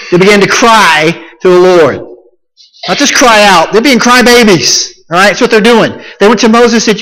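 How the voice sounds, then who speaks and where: Man preaching in a lively, reverberant hall. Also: high voice. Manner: retells the story in lively everyday words, repeating key phrases. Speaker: pastor. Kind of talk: sermon.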